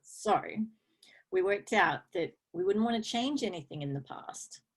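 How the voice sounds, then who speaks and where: A woman in casual conversation as a guest, chatty and laughing often, with halting fillers. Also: mid-range voice, lively intonation.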